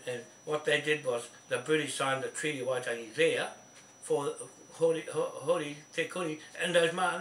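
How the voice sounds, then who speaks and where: Heard from a distance with echo and faint hiss, a man with a New Zealand accent rambles insistently on a call, repeating words, restarting constantly and asking "see?" again and again. His voice is on the high side and a bit bright.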